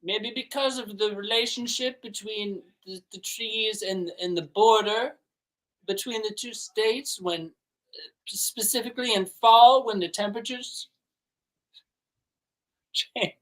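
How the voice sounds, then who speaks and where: A woman's voice: mid-range voice, takes it slowly, close to an everyday voice. A woman voicing a customer in an improvised comedy scene, speaking in a dry, teasing, precise way.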